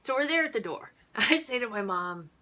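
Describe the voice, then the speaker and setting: A woman in her thirties telling a story casually to camera, animated and rambling, laughing often. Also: on the high side, moderate pace, slight background noise.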